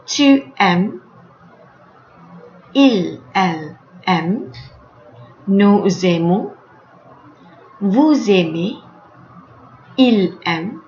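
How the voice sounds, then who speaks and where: In a lo-fi, echoey room, a woman with a medium-pitched voice teaches French grammar, with a little hiss or hum on the recording. It's a slow, spelled-out lesson: she gives word endings letter by letter and repeats every example.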